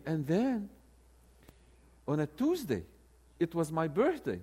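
A man in his sixties, a theology professor, telling a story in a sermon with animated delivery and frequent restarts. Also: on the high side, slow pace, breathy edge. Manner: animated, with many restarts and repeated words.

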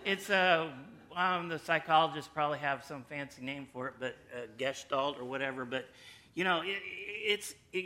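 A man leads a casual Bible teaching in a bright, slightly high voice. He talks in a folksy, chatty way and drops playful asides to the group as he goes. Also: moderate pace. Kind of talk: informal sermon to a group.

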